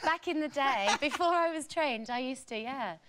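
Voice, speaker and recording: A young woman with a posh English accent that slips into Cockney, chatting as a guest on a talk show, giggly and animated. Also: sits high, moderate pace, background noise. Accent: posh English slipping into Cockney. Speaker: actress guest. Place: television studio with audience.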